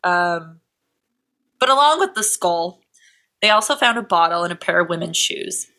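An American woman with a bright, ringing voice tells a true-crime story for a podcast. She swears freely and mixes in sarcastic asides. Her delivery stays animated and loose. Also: fairly low pitch, normal speed. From United States. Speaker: podcast host.

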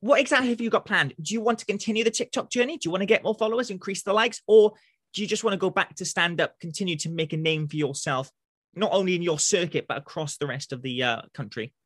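A male podcast host with a high, bright voice, running a casual interview. He stays upbeat and effusive and often trips over his words. The sound is dry and close. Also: fast talker, no echo.

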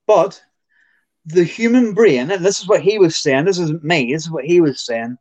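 A man's voice: fairly high pitch, moderate pace, darkish tone, highs cut off. A man co-hosting a casual podcast, building up to a question in a storytelling way. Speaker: podcast co-host. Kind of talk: casual chat.

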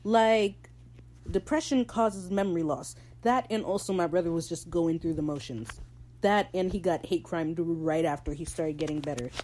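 A woman hosting a podcast, recapping a TV episode in casual, opinionated talk and slipping into quick character voices. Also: fairly low pitch, warm tone, rough recording. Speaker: podcast host.

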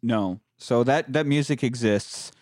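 A man telling a movie's plot in loose, profane podcast chat. His voice sits at a middle pitch and sounds dry and close, with little room around it. He jumps between storytelling and jokes. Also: measured pace, no echo. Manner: animated storytelling with crude humor. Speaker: podcast host recapping a film. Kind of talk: casual chat.

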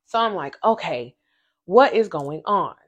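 A woman hosts a casual faith podcast, addressing her listeners directly as she tells a personal story with animated, emphatic repetition. Her pitch is fairly low and her pace a little slow, and the high frequencies are cut off.

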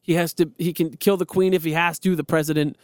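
A man's voice: a little high, flat delivery, quick pace, a little mellow, clear, resonant tone, no room sound, clean studio sound. A man co-hosting a podcast, chatting casually about movies with lots of laughing and swearing. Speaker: podcast co-host. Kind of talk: casual chat.

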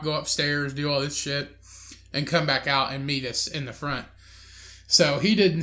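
Podcast co-host, male, crude laughing storyteller with a bright, slightly high voice. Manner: crude, laughing storyteller, acts out drunk friend and angry lady. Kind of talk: casual storytelling chat.

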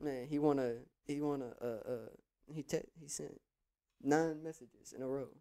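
A man's voice: medium pitch, steady tone, normal speed, warm tone. A man co-hosting a podcast in casual chat, laid-back and teasing, laughing often. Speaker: podcast co-host.

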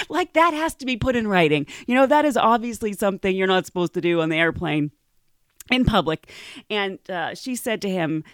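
A woman's voice: mid-range voice, normal speed, dry recording, studio quality. A woman hosting a podcast, telling a story casually, laughing often and acting out the people in it. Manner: giggly, animated, acts out quoted voices. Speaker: podcast host.

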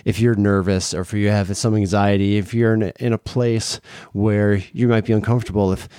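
Middle-aged guy, kinda low voice, joking around with his family on a podcast, dry close sound. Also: a little mellow, clean tone, no echo. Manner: playful, teasing. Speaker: podcast host and father. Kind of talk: casual family chat.

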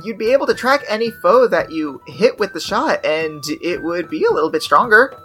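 A woman's voice: mid-range voice, big pitch swings, moderate pace, a bit bright, faint music behind. A woman voicing a polite female dwarf artificer who runs a shop and tries to keep the peace. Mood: helpful. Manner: polite, accommodating.

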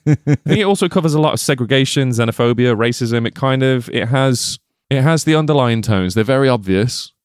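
A man's voice: mid-range voice, expressive, a little fast, hardly any pauses, clear, resonant tone, no echo, clean studio sound. A man co-hosting a film podcast, playful and jokey, often laughing as he talks. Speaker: podcast co-host. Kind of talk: casual film discussion.

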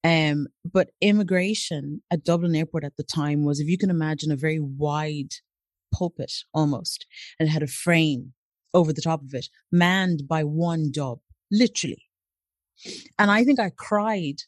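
Lively woman storyteller, dry close sound. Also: sits low, normal speed, no room sound. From Africa. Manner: animated, acts out voices of people in her stories. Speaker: interview guest. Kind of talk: storytelling in conversation.

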